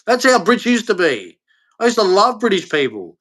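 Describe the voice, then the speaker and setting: An Australian man delivers an angry vlog rant straight to camera. He is blunt and profane, and he leans hard on his words. His pitch is lively and swings widely as he talks. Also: moderate pace. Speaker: vlogger. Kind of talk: ranting monologue to camera.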